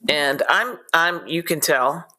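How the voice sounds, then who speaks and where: A woman guest in an interview, a PR expert telling animated anecdotes in a blunt, straightforward way. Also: low-pitched, slow. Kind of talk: casual interview storytelling.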